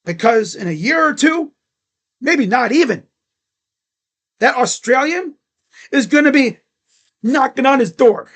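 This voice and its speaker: A man's voice: very high voice, lively intonation, unhurried, long pauses, a bit bright. A man vlogging as a sports fan, ranting in an exasperated, mocking way with swearing. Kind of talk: casual sports rant.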